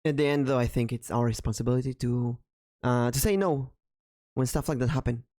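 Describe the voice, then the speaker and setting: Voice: mid-range voice, brisk, warm tone, dry recording, studio quality. Blunt, jokey podcast co-host. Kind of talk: casual podcast chat.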